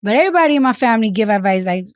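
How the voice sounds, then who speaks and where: A woman's voice: on the high side, animated, very fast, dry recording, studio quality. A woman, speaking frankly in an interview, cursing freely and filling her talk with "like.". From the Bronx, New York. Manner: blunt, frank, swears freely, many fillers. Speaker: interview guest. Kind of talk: candid conversational interview.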